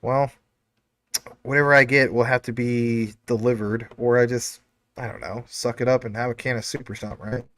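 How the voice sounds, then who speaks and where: A man's voice: mid-range voice, steady tone, moderate pace, fairly bright tone, no room sound. A man hosting a casual livestream, reading viewer comments in a rambling, filler-heavy way. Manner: rambling, many fillers, chatty asides. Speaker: crypto livestream host.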